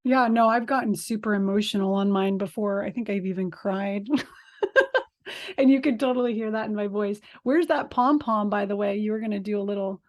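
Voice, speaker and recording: A woman's voice: medium pitch, a little fast, a little mellow. A woman co-hosting a podcast, chatting casually in an upbeat, giggly way with lots of fillers. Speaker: podcast co-host.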